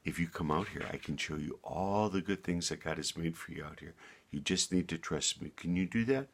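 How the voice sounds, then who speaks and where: A man doing a gentle mother robin, soft and low. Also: brisk. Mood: coaxing.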